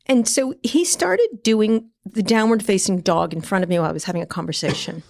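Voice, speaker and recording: Blunt fast-talking woman with gravelly voice. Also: medium pitch, darkish tone. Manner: blunt, profane, fast anecdotes with laughs. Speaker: guest, tech journalist. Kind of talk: casual storytelling interview.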